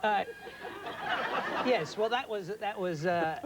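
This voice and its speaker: High-voiced laughing male storyteller. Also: slow, heavy background noise. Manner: animated, laughing often, acts out scenes. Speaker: guest. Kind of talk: anecdotal storytelling.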